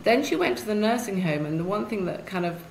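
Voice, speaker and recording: A woman's voice: mid-range voice, animated, fast, gravelly, darkish tone. A British woman, a guest author, speaking reflectively and thoughtfully in a conversational interview. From United Kingdom. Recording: echoey room with faint noise.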